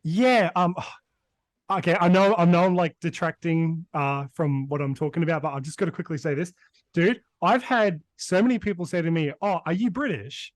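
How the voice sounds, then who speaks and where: Brisbane-accented male co-host, rambling and casual, a bit high-pitched, dry sound. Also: normal speed, no echo. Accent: Brisbane Australian. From Australia. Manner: rambling, many fillers. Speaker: podcast co-host. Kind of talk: casual chat.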